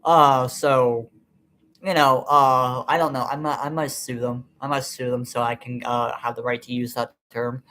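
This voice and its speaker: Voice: mid-range voice, little pitch movement, moderate pace, a bit bright, slight background noise. A vlogger in an unscripted personal monologue, venting in a frustrated, bitter way and swearing a lot, rambling with many fillers.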